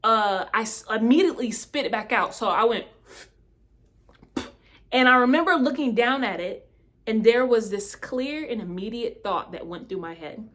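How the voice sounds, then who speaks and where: A woman telling a personal testimony in a casual, animated way, speaking straight to her listeners. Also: a little high, normal speed.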